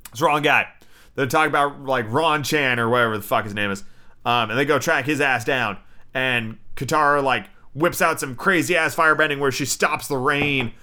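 A man's voice: mid-range voice, moderate pace, sharp tone. A man giving a casual, rambling show review, swearing often and filling his talk with "like.". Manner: profane, filler-heavy, frequent "like".

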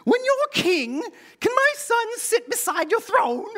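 A man voicing a fussy, pushy mother in a squeaky comic falsetto, as in a sermon skit. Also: sing-song, a little slow, a bit bright, heavily acted. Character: fussy doting mother, shrill Monty Python-style falsetto.

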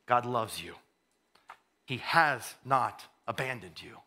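Preaching slowly and with animation, this mid-range-voiced pastor keeps his sermon conversational, repeating words, building to fervent emphasis and then falling to a hush. At one point he says he's got a cold.

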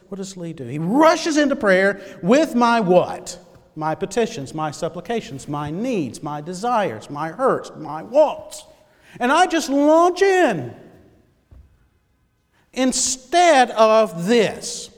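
Animated pastor preaching in a reverberant hall. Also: male voice, high voice. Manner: dramatic, swings from loud emphasis to near-whispers. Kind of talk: sermon.

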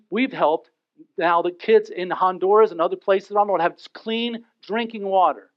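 High-voiced man preaching in a dull, dry recording. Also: dry recording. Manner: lively, acts out little scenes and quotes with humor. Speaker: pastor. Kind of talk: sermon. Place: church sanctuary.

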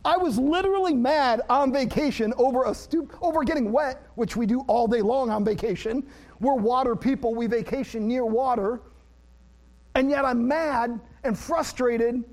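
High-voiced pastor telling a story. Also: male voice, normal speed. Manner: animated, self-deprecating storyteller who laughs at himself; shifts to plain teaching about scripture. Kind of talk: sermon with personal storytelling.

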